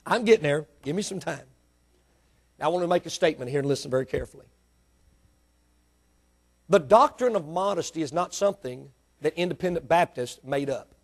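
A pastor, a man with a high voice, preaches to his congregation. He builds to emphatic bursts and keeps asking the room direct questions. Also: expressive, fairly quick, pauses often. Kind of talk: sermon. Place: church.

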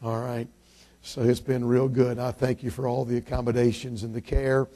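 A man from Illinois, a visiting Baptist preacher, moving from quiet thanks to loud, emphatic preaching and King James scripture reading. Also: mid-range voice, level tone, moderate pace. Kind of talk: sermon.

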